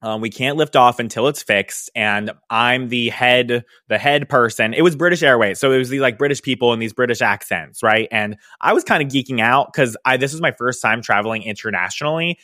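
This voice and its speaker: A young podcast host who educates hairstylists on business tells a travel story with chatty animation, plenty of fillers and asides. His voice is ordinary middle pitch, a little fast with few pauses, recorded on a dry close mic without room echo.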